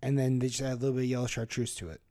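A man co-hosting a podcast in a relaxed, chatty way. He explains cocktail recipes in detail, in a mid-range voice. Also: mid-range voice, rapid-fire. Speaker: podcast co-host. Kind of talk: casual chat.

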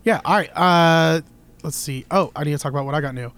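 A chatty man co-hosting a gear podcast, speaking a little higher than most men. He rambles through his stories and slips into quoted voices along the way. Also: brisk, a bit bright. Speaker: podcast co-host. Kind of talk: casual chat. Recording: with a faint crackle from his new computer setup.

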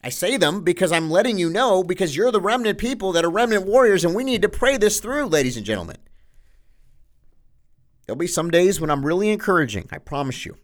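A man hosting his own news show as a pastor, delivering an impassioned, sarcastic monologue that swings between loud outbursts and hushed asides. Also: high-pitched, animated, brisk. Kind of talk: political news commentary monologue.

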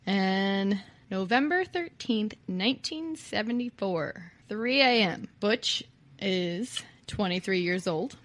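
A woman's voice: medium pitch, expressive, takes it slowly, fairly bright tone, no echo. A woman co-hosting a podcast, telling a true-crime story in a casual, chatty way and laughing often. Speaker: podcast co-host.

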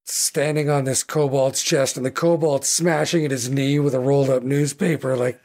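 A man's voice: mid-range voice, level tone, normal speed, darkish tone. A man narrating as game master, rambling with many fillers and restarts.

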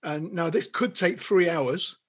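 Male co-host, high-pitched and husky, easygoing interviewer. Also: a little slow. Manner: easygoing, asks questions with light jokes. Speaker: podcast co-host. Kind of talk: casual interview.

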